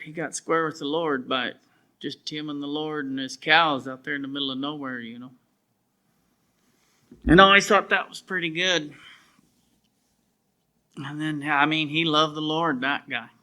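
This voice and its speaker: A pushed, bright voice on the high side belongs to a preacher in his 50s from the southwestern United States. He gives his testimony at a church revival, telling it in a plainspoken, folksy way with rural grammar.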